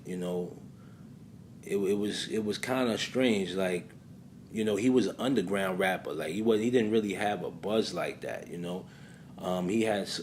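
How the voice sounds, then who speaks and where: A man's voice: sits low, slight background noise. A man hosting his channel, telling a story in loose casual commentary full of fillers. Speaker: channel host.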